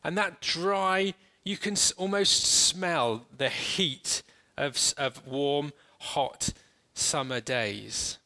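In a sermon, a man with a slightly high voice leads his hearers through an imagination exercise. He sounds earnest and hesitant, restarting frequently, and eases into a slower, softer delivery for the imagery.

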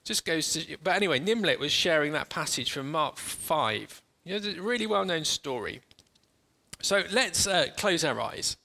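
Bright-voiced man leading a guided sermon. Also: a little high, animated, creaky. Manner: earnest, halting, with frequent restarts. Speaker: preacher.

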